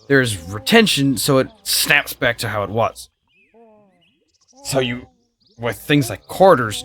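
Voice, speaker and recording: A young man co-hosting a casual gameplay chat, talking in an animated way and swearing freely. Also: medium pitch. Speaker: gaming co-host.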